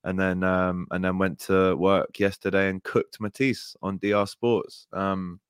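A man's voice: low-pitched, little pitch movement, measured pace, clean tone, no room sound, clean studio sound. A man co-hosting a podcast in casual chat, enthusiastic and heartfelt, often calling his co-host "mate" and "bro". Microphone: podcast microphone.

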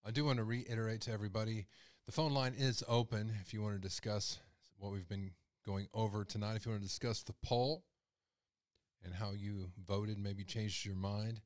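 A man's voice: lowish voice, steady tone, normal speed, no echo, studio quality. A man hosting a live call-in show, speaking with raw emotion and his voice rising when he is upset. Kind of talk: live-stream commentary.

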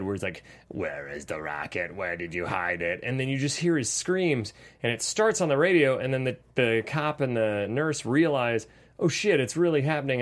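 A man in his thirties co-hosting a casual movie review podcast, animated and acting out quotes in silly voices. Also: medium pitch. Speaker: podcast co-host.

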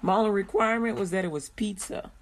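A woman hosts a Christian radio show. She stretches out slow, heartfelt prayers, then slips into easy, chatty talk with plenty of laughter. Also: mid-range voice. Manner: chatty, laughs often, drawn-out prayer phrases.

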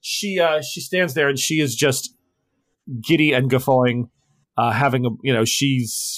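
A man's voice: mid-range voice, no echo. A man narrating a tabletop horror game as game master, rambling with many restarts.

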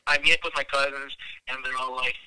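A young man from Wisconsin tells a story in a loose, rambling way, with lots of swearing and filler words. His voice is very bright and sharp, at an ordinary pitch. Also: flat delivery, fast talker, smooth, low-quality recording. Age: young adult. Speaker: podcast guest telling a story. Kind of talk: casual storytelling.

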